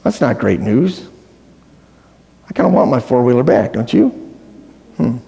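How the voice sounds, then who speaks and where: A man's voice: medium pitch, sing-song, unhurried, creaky, warm tone. A man preaching a sermon as a pastor, conversational and playful, often asking his congregation questions. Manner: playful, self-deprecating humor. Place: church sanctuary. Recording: roomy hall with long reverb.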